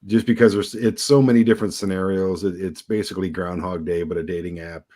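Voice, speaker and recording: A man's voice: sits low, level tone, fast, dark tone. A man telling rambling anecdotes in a casual chat, full of fillers. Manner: rambling anecdotes, lots of fillers and quoted voices. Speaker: filmmaker guest.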